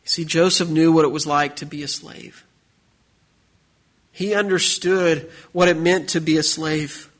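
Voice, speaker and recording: A man with a high voice preaches a sermon to his congregation. He builds his points through repeated phrases and rising emphasis. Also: steady tone, a little slow, fairly bright tone. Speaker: pastor.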